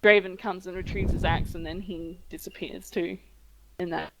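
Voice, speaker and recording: A woman running a tabletop game, narrating the scene in a halting way with many pauses and restarts. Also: fairly low pitch, steady tone, poor audio. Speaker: game master.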